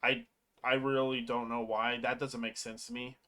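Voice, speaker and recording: Casual movie recapper, rambling and profane, mid-pitched voice, slips into animated quotes. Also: moderate pace. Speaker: movie reviewer.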